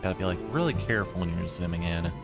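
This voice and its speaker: A man's voice: low voice, quick pace. A man livestreaming a video game, chatting casually and rambling with lots of fillers. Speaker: game streamer. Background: game music.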